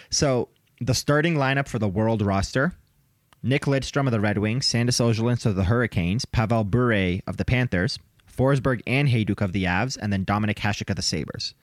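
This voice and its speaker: A man co-hosting a casual sports podcast, chatty and quick to laugh as he rattles off names. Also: fairly low pitch, no room sound, studio quality. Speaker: podcast co-host.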